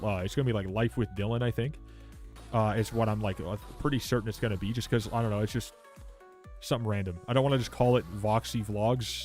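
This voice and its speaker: A man's voice: mid-range voice, darkish tone. A young man chatting casually on a live stream, rambling and swearing as he rants and answers chat. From Canada. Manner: rambling, profane ranting while reading chat.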